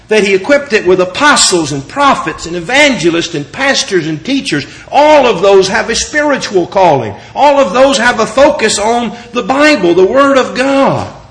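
Preacher, male, slightly high-pitched, measured scripture reading with strong emphasis. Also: fairly bright tone. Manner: reads scripture slowly with rising and falling emphasis. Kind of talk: sermon.

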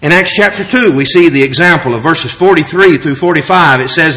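Preacher, male, slightly high-pitched, measured scripture reading with strong emphasis. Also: sharp tone. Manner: reads scripture slowly with rising and falling emphasis. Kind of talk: sermon.

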